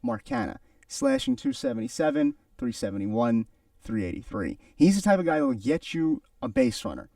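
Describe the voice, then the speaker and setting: A man's voice: mid-range voice, wildly swooping pitch, normal speed, creaky, mellow, no room sound, clean studio sound, distant mic. A young man co-hosting a sports radio show, giving emphatic, opinionated analysis.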